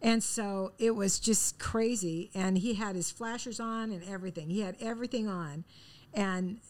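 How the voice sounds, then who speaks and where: A woman's voice: medium pitch, normal speed, a little mellow. A middle-aged woman telling a long funny story in casual chat. She laughs often and acts out the dialogue.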